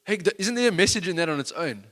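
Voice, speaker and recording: A man's voice: sits high, expressive, fast talker, a bit bright. Earnest man preaching a conversational sermon. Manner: conversational, earnest preaching with rising emphatic bursts. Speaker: pastor.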